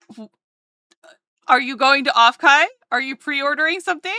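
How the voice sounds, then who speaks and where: A woman's voice: high-pitched, normal speed, pauses often, pushed and bright, no echo, studio quality. A woman streamer chatting casually with her live chat while drawing, playful and teasing, often repeating words.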